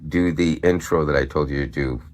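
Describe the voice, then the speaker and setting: A man's voice: very deep voice, steady tone, fairly quick, a little mellow, slight background noise. A man in a demo clip, telling an AI assistant how to speak. He gives his instructions in a stop-and-start way.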